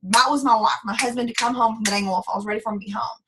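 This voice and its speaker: A woman's voice: fairly high pitch, rapid-fire, background noise. A woman, giving a folksy, sassy motivational business training talk. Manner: sassy, folksy and animated, acts out quoted voices. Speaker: network marketing team leader.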